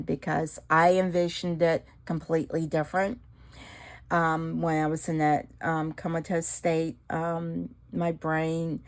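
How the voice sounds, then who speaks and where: A middle-aged woman who vlogs resin crafts chats casually with viewers while working, her low voice creaky. She gushes over her pieces and often drops into an awed whisper.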